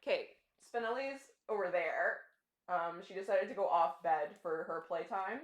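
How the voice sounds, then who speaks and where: A woman's voice: on the low side, moderate pace, highs cut off. A woman chatting casually on a livestream, giggly and bubbly, swearing freely and reacting to chat.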